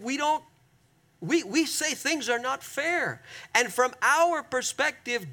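Male pastor, earnest sermon delivery, bright, edgy tone, emphatic slowdowns on key lines. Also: extremely high pitch, gravelly. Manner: earnest, emphatic preaching with repeated appeals to the congregation; slows down sharply on key phrases.

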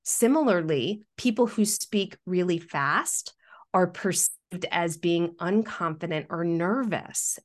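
Middle-aged woman with a lower voice, consultant giving speaking tips as a podcast guest. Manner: explanatory, coaching tone with practical tips. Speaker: guest, workplace communication consultant. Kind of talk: podcast interview.

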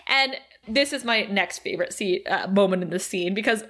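A woman's voice: medium pitch, normal speed, a bit bright. A woman co-hosting a casual TV recap chat, giggly and enthusiastic, swearing casually. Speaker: podcast co-host.

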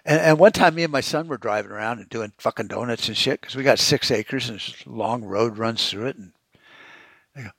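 A man's voice: mid-range voice, fairly quick, gravelly, fairly bright tone, slightly rough, dry recording. A man hosting a podcast, ranting heatedly and sarcastically with constant swearing. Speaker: podcast host. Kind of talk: profane rant.

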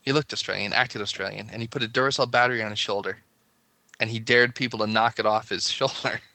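Chatty podcast host man, bright voice. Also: lowish voice, steady tone, fast talker, dry recording. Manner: chatty, rambling, laughs often. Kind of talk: casual chat.

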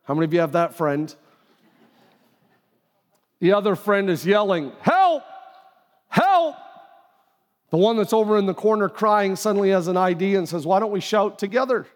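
A pastor with a high, fairly quick voice gives a sermon in a church auditorium, speaking conversationally and performing the voices he quotes. The live hall adds long reverb.

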